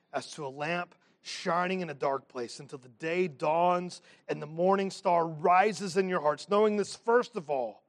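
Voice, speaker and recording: A man's voice: fairly high pitch, no room sound. A man preaching a teaching sermon as pastor of his church, reading scripture and adding humorous asides.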